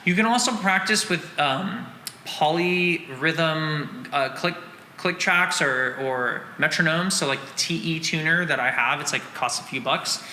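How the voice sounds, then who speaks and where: A man's voice: on the high side, a little slow, a little hiss or hum. Man teaching drums in an echoey room. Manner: counts and sings rhythms aloud in syllables; relaxed explaining with fillers. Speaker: drum teacher. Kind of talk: drum lesson breakdown. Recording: roomy echo with long reverb, loud drum music behind. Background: drum line music.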